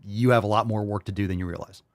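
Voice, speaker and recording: A man's voice: fairly even intonation, fast, dry recording, clean studio sound. A man hosting a fitness podcast, ranting bluntly with plenty of swearing. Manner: blunt and profane, with sudden jumps in pitch. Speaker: podcast host.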